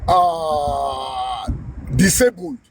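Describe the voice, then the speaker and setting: Halting man over clear background noise. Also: fairly high pitch. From Africa. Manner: halting, repeats words and restarts. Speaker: panelist. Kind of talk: casual panel chat.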